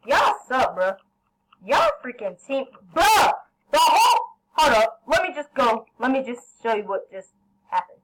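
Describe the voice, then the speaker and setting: A woman commentating her own gameplay, excitable, yelling at teammates and then apologizing. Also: high-pitched, a little slow, a little hiss or hum, poor audio. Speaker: gaming channel host.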